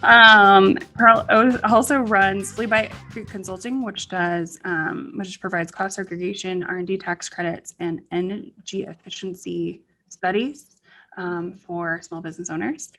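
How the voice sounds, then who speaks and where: A woman's voice: medium pitch, steady tone, a little slow, sharp tone. Host: upbeat woman, chatty with lots of ums, faint music underneath. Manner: chatty, upbeat, many fillers. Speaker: podcast host, CPA. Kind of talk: casual podcast hosting.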